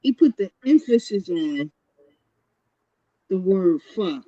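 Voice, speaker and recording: A woman's voice: medium pitch, very animated, takes it slowly, lo-fi sound, heavy background noise. A woman on a casual podcast panel, teasing the others and giggling.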